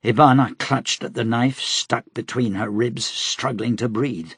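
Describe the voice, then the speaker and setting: A man reading an audiobook aloud in a steady, dramatic manner as its narrator. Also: mid-range voice, unhurried, husky, dry recording, studio quality. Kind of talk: scripted narration.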